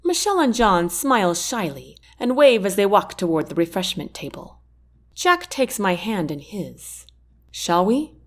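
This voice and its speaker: A woman reading a first-person romance audiobook in an expressive storytelling manner. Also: mid-range voice, moderate pace. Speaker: audiobook narrator.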